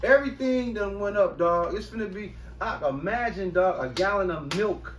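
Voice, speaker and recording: A man's voice: high-pitched, normal speed, background noise. A man hosting a group talk, preaching loosely with slang and profanity. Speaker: host. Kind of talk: street talk commentary with scripture. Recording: roomy echo from a distant mic.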